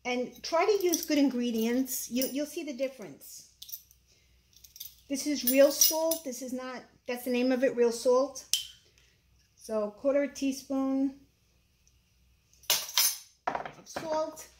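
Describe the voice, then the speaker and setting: A woman's voice: high-pitched, unhurried, long pauses, background noise. A woman with a Brooklyn accent, chatting casually through a home cooking demonstration in her kitchen, opinionated and full of fillers. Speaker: home cook. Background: clattering dishes and utensils.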